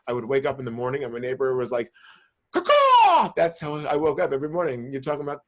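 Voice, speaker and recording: A man's voice: mid-range voice, little pitch movement, very fast, a little mellow. A young man from the New York area telling a long profane story in casual podcast chat, full of restarts and "bro". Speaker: podcast co-host.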